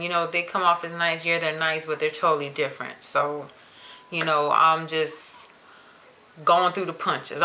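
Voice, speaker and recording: A young adult woman vlogging to camera in a chatty, expressive way, stretching words for emphasis. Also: sits low. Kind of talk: casual chat to camera.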